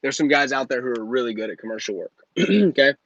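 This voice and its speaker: A man's voice: mid-range voice, animated, fast, a bit bright, no room sound, muffled recording. A man in his thirties hosting a live Q&A as a business coach, talking in a brash, joking, motivational way into a phone. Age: 30s. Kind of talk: live Q&A stream.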